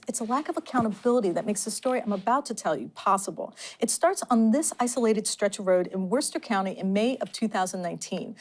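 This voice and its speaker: A woman hosting an investigative news program, reading a scripted presentation in an earnest, measured way. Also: medium pitch, darkish tone. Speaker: host.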